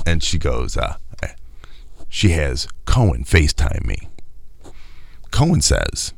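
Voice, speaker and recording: Animated profane storytelling man. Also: very deep voice, takes it slowly, gravelly, pauses often, dry recording. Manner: profane, animated, acts out quotes. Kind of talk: casual comedic storytelling.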